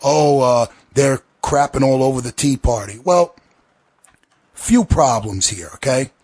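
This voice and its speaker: A man with a husky, slightly rough voice hosts a podcast in a heated, profane rant. His delivery swings between sarcasm and outrage, and the sound is dry and close to the mic with no room around it. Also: mid-range voice, a little slow, darkish tone, no echo. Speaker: podcast host. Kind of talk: ranting podcast commentary.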